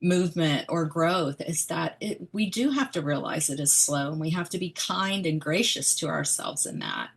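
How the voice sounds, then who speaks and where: A woman's voice: sits low, moderate pace, gravelly, few pauses, husky. A woman, an author being interviewed about her memoir, speaking in a thoughtful, musing way. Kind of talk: reflective interview conversation.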